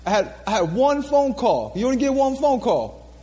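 High, lively-voiced man preaching. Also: normal speed, long reverb tail. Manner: earnest, repeats phrases for emphasis, laughs at himself. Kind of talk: sermon testimony.

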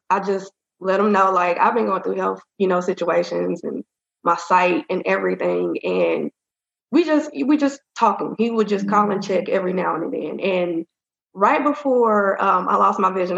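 A woman speaks as an interview guest, candid and rambling, her voice carrying a gravelly edge. The recording is roomy and a little dull, and her pitch sits in a middle range. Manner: candid, rambling, many fillers. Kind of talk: casual storytelling in an interview. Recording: roomy, dull-sounding audio.

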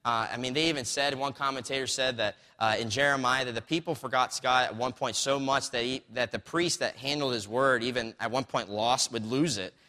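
Bright-voiced preacher in a reverberant hall. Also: male voice, mid-range voice, a little fast, hardly any pauses. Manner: conversational, storytelling with acted quotes, frequent "right?" asides. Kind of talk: sermon.

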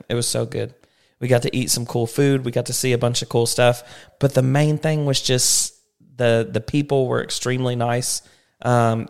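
Chatty dad podcast host. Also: male voice, mid-range voice, gravelly, clear, resonant tone. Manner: chatty storyteller, upbeat sign-off. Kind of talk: casual family podcast chat.

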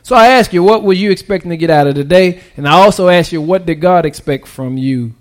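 A man with a high voice preaching a sermon. He keeps checking in with the congregation and swings from near-whispered asides up to loud, excited peaks. His grammar is loose and conversational. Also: fairly quick. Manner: preaching with call-and-response, swinging from hushed to shouted; casual vernacular grammar. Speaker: pastor.

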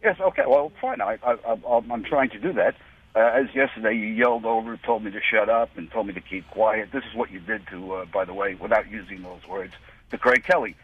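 A man's voice: lowish voice, expressive, a little fast, husky. American man on a tinny phone line. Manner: indignant, persistent, sarcastic. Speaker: caller. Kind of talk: call-in radio argument.

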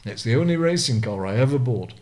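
An older man with a Lancashire accent spins racing anecdotes with a storyteller's relish, acting out the voices of the people he quotes. His voice sits at a middle pitch for a man. He speaks as a guest in an interview. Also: lively intonation, fast talker, a little mellow. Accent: Lancashire English. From Lancashire, England. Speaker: guest, retired racing driver.

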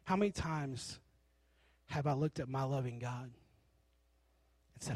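A man preaching a sermon, telling stories with animated delivery and acting out the people in them. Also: medium pitch, measured pace, dry recording. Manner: animated storytelling, acting out characters.

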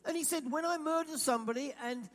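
A man from England preaching with an animated delivery and a strikingly high voice. He acts out the questions of imagined listeners. His voice carries a long reverb, like a big hall. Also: quick pace. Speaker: pastor. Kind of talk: sermon.

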